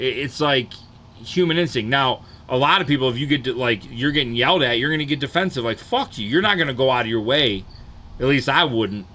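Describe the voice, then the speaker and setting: Bright-voiced man in casual stream chat. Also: mid-range voice. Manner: profane, rambling storytelling.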